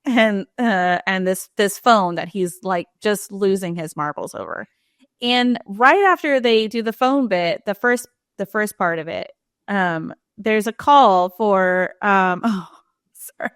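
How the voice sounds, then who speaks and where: Animated woman retelling scenes. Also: slow, clean tone, dry recording, clean studio sound. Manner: animated retelling, acts out quoted lines with big pitch jumps. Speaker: podcast co-host. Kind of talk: casual chat.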